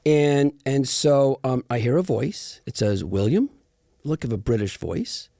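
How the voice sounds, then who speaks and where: Middle-aged guy with a gravelly dark voice, spinning a showbiz story, dry close sound. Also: mid-range voice, a little slow, no room sound. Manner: animated storyteller, quotes others. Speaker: guest actor. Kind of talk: casual storytelling interview.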